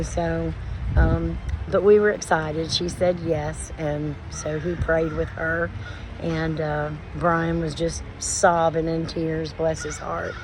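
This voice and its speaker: A woman talking slowly in a halting, filler-filled way, grieving as she speaks to her vlog audience. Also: low voice, noisy background. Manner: slow, halting, with many fillers. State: emotional, grieving. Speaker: homestead vlogger. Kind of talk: personal vlog to camera. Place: outdoors.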